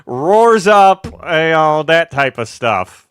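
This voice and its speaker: A man's voice: a little high, big pitch swings, slow, a bit bright, clean tone, no echo. A man co-hosting a podcast in casual chat, laid-back and chatty with plenty of fillers. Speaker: podcast co-host.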